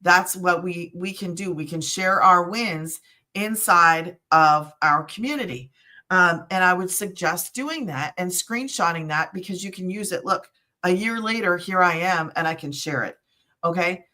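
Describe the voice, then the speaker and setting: A woman's voice: lowish voice, measured pace, pushed and bright. A woman hosting an online community call, upbeat and encouraging in a casual presenting style.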